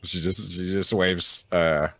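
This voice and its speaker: A man's voice: sits low, fairly even intonation, slow pace, bright, forceful tone, dry recording. A man playing a tabletop game, chattily describing what his character does. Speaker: player.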